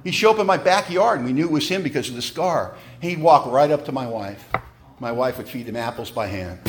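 A middle-aged man telling a personal story to a meeting audience in an animated, conversational way. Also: medium pitch, fast, background noise. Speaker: speaker at a recovery meeting.

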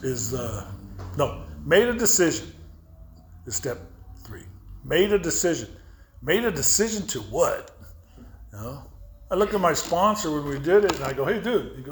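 A man giving personal testimony at a recovery meeting, telling his story with halting restarts, asides to the listeners, and acted-out dialogue. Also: on the high side, roomy sound. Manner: storytelling, acting out dialogue with others.

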